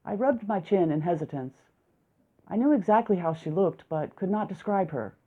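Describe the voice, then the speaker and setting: A woman narrates an audiobook in a lively storytelling manner, her voice on the low side. The recording is narrow and tinny, like a phone line. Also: normal speed, slightly rough. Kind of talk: audiobook reading.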